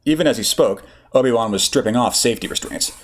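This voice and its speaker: A man reading a story aloud in a lively way, with casual asides. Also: medium pitch, fast talker. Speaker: reader. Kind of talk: reading fan fiction aloud.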